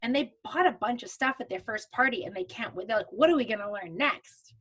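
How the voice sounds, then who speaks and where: A woman's voice: a little high, lively intonation, brisk, a bit bright, breathy edge. A woman teaching makeup steps over a video call, in a chatty, casual way with frequent restarts. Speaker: makeup consultant teaching a virtual class. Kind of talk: casual live video training.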